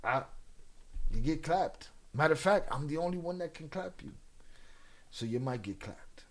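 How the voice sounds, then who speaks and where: A man hosts a livestream in a slightly high voice. He talks casually and with a lot of swearing. He teases his viewers in a relaxed way. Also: normal speed. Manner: laid-back, profane, teasing banter. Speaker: livestream host. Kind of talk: casual chat with live viewers.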